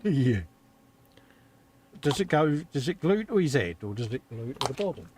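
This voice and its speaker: A man's voice: medium pitch, very animated, normal speed, a little mellow, a little hiss or hum. A middle-aged man co-hosting a live hobby stream, easygoing and agreeable, reading out viewer comments between brief replies. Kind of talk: casual chat while building models.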